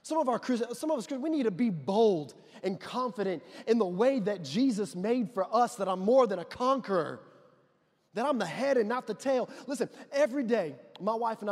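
High-voiced impassioned male preacher. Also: expressive, normal speed. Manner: impassioned, builds to loud declarations with repeated phrases. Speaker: pastor. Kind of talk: sermon. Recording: long reverb of a large hall.

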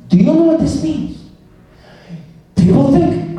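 A man preaching a sermon, acting out dialogues and swinging from hushed asides to shouts. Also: very high-pitched, lively intonation, very slow, pauses often, very echoey, far from the mic, rough recording. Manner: dramatic, acts out dialogues, swings from soft to shouting.

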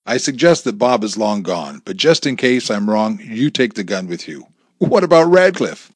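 Expressive male audiobook narrator. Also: lowish voice, moderate pace, no room sound. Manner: expressive, shifting between characters.

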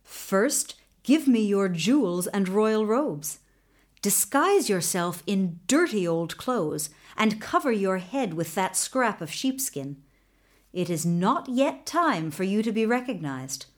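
A woman's voice: medium pitch, takes it slowly. Qeytas, a wise magical colt, as a woman reads him. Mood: solemn. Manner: calm, solemn instruction. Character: wise magical talking flying colt, male.

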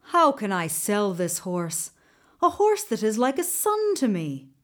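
A woman's voice: medium pitch, wildly swooping pitch, a little slow. A woman voicing a humble, stubborn male potter who loves his horse.

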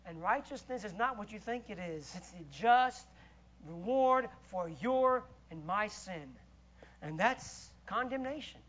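A man preaching with a very high, bright, forceful voice. He delivers his sermon with emphatic swings from loud exclamations to hushed asides. The recording sounds dull and lo-fi. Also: expressive, slow pace.

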